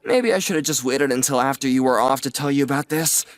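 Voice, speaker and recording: Actor as an earnest young man in his twenties, average pitch, sincere and grateful. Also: fast, dry recording, lightly acted. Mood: apologetic. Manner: sincere, gently teasing. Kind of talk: audio drama acting.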